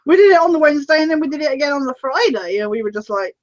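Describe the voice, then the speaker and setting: A woman with a higher, very lively voice that swings up and down, chatting about video games and laughing often. The audio is dull and lo-fi. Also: very fast. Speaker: podcast co-host. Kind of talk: casual gaming chat.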